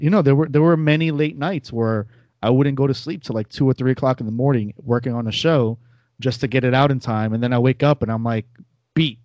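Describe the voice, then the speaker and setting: A man's voice: mid-range voice, a little mellow, no echo. Nasal New man, casual chat. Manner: rambling, self-deprecating, laughs often. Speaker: podcast guest, former host.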